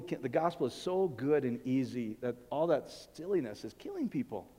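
A man preaching a sermon in an animated way, swinging from loud outbursts to soft, hushed asides. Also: medium pitch, brisk. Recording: long hall reverb.

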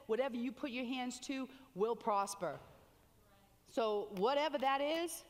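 A woman preaching a sermon with animated exclamations, reading scripture aloud between comments. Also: high voice. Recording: long hall reverb.

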